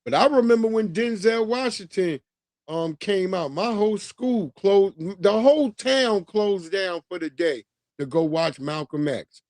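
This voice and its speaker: Animated, high-voiced man ranting casually. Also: no echo, studio quality. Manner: animated, profane, laughs often. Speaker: livestream host. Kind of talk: casual commentary.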